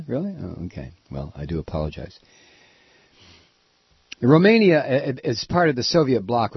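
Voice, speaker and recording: A male talk radio host rambles through sardonic commentary and keeps stopping on "uh" and false starts. His voice is husky and sits in a middle pitch. The recording is dry and dull, with a lo-fi broadcast sound. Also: no room sound. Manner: rambling, hesitant, sardonic, many "uh"s. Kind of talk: casual on-air commentary.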